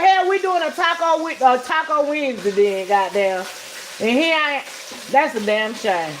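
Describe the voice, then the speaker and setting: A home cook vlogger with a high, slightly bright voice chats straight to her viewers while cooking in her home kitchen, salty-tongued and casual. The kitchen is echoey, with frying sizzle and slight background noise.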